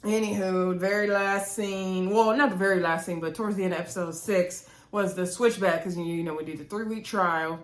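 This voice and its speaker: Woman vlogger gossiping thru a reality show recap, mid-pitched voice, kinda echoey room. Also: normal speed, hardly any pauses. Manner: chatty, animated, talks straight to viewers. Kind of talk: casual recap chat. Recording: roomy echo.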